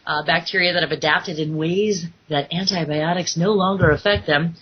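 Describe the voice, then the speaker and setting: A woman's voice: on the low side, steady tone, normal speed, a little hiss or hum. A woman hosting a casual call-in radio talk show, chatty and full of fillers as she reads out statistics. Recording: dull lo-fi internet radio audio.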